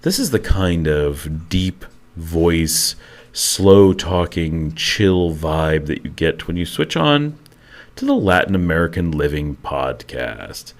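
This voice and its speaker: A hushed late-night radio DJ, put on by a man, drops his voice far below his usual talk and drags each phrase out lazily. The delivery is low and mumbly, unhurried and relaxed, close on a small clip-on mic. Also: full character voice. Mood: mellow. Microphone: handheld lavalier mic.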